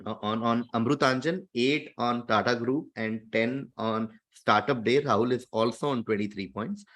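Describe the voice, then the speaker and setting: Indian English quizmaster, measured delivery. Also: male voice, medium pitch. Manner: steady, explanatory, lightly hesitant with fillers. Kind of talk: hosting a quiz show.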